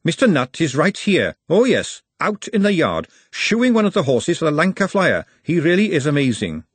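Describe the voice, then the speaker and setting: A man's voice: fairly high pitch, wildly swooping pitch, moderate pace, slightly rough, dry recording, voice pushed up, heavily acted. A man doing an outspoken young cook woman. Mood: indignant. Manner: blunt and defensive.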